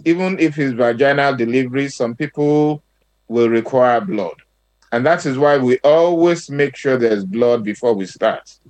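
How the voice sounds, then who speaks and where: Slow calm Nigerian doctor. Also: male voice, medium pitch. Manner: calm, patiently explaining, mixing in Pidgin. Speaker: guest doctor. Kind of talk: explanatory talk show answer.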